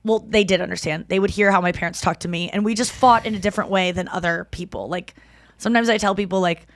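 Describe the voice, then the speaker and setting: A woman hosting a podcast, telling an emotional story in casual chat, acting out quotes loudly and swearing freely. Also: mid-range voice, fairly even intonation, fast, no echo, clean studio sound. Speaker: podcast host.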